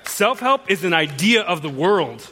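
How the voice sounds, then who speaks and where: A man's voice: sits high, sing-song, unhurried, pushed and bright, husky, soft background music. A man pastor delivering a sermon as an earnest, confessional personal testimony, often restarting his sentences.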